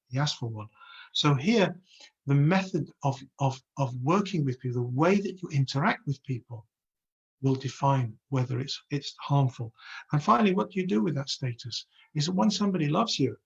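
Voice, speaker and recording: A man's voice: medium pitch, creaky, breathy edge, highs cut off. A man giving a live online religious lesson in an earnest way, often asking his listeners rhetorical questions. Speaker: religious teacher.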